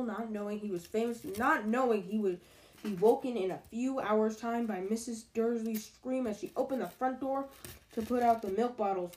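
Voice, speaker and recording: A woman reading a storybook aloud in a steady, unhurried way, going back over slips. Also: fairly high pitch, a little hiss or hum, poor audio. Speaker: reader.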